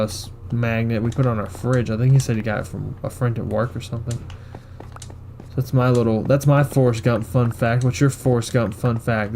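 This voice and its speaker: Casting note: young male gaming streamer, mellow voice, rambling jokey commentary. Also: mid-range voice, a little hiss or hum. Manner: rambling, joking, self-mocking. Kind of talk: casual gameplay commentary.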